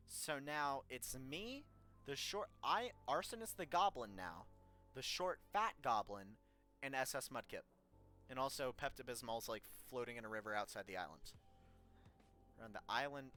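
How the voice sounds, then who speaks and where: Brief: male streamer, bright tone, playful, narrating a text adventure over soft music. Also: mid-range voice, lively intonation, normal speed, long pauses. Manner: playful, reads story text aloud, talks to himself. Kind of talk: reading game text aloud and reacting.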